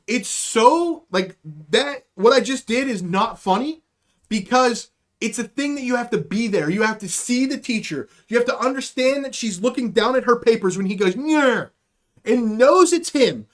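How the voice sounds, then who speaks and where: A man hosting a livestreamed podcast, telling a rambling, profane comic story about his school days. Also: very high voice. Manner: rambling, profane, self-deprecating. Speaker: podcast host.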